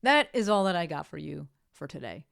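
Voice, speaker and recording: With a low, gravelly, fairly bright voice, this woman hosts her solo podcast in a very animated, brisk way. She's chatty, keeps correcting herself mid-sentence, and ends on an upbeat note, recorded at studio quality with no echo.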